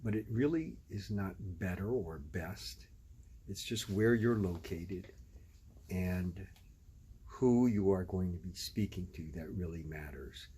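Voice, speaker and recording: Low-voiced man explaining calmly. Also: a little hiss or hum. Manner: measured, explanatory, switches between English and Spanish. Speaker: language video host. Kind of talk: casual spoken commentary.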